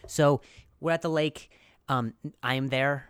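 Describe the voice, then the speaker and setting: A young man talks loosely into the mic, wandering off on jokey tangents and restarting his sentences as he tells a story. His voice sits at an ordinary middle pitch. The sound is dry and close, with almost no room around it. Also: fairly even intonation, a little slow, fairly bright tone, clean tone, no room sound. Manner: rambling, jokey, full of restarts and asides. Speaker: podcast host. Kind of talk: casual comedic podcast chat.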